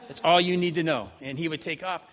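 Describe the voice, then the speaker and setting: A man's voice: on the high side, quick pace, fairly bright tone. A man telling a personal story to a live audience in a conversational way, often tagging on "right?". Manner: conversational, keeps adding "right?". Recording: long reverb of a large hall.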